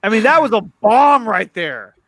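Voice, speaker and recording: A man hosts a loose, excited chat with a fairly high voice. He trips over his words and restarts his sentences as he talks. The sound is dry and close. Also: no room sound. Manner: excited, repeats words, quick stammering restarts. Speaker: show host. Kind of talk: casual chat about movie news.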